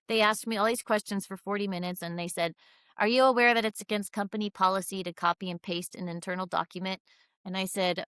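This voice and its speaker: A woman nurse in an interview, telling her own story with lively quoted dialogue and frequent laughs. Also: medium pitch, clean tone, no echo. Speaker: guest nurse.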